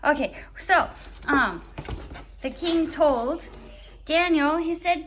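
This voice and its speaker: A woman teaching Sunday school, telling a Bible story to children in an animated, playful way. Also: extremely high pitch, takes it slowly, a little hiss or hum.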